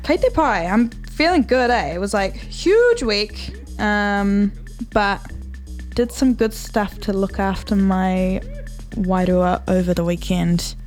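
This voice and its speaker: An upbeat woman with a New Zealand accent co-hosts a breakfast radio show in easy, casual chat. She slips te reo Māori greetings into her English, and her voice sits at an ordinary middle pitch. Faint music plays beneath her. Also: slow, darkish tone.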